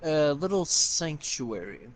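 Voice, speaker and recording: A man's voice: on the high side, sing-song, slow. A man hosting a Minecraft video, chatting casually and teasing his partner with jokes and swearing. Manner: teasing, profane, joking. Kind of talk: casual gameplay chat.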